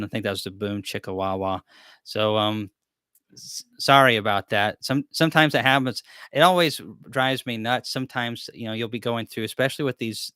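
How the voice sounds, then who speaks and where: A man's voice: on the low side, sharp tone, clean tone, no room sound, studio quality. A man hosting a live-stream question-and-answer chat, talking in a rambling, easygoing, self-deprecating way. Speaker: beekeeping channel host.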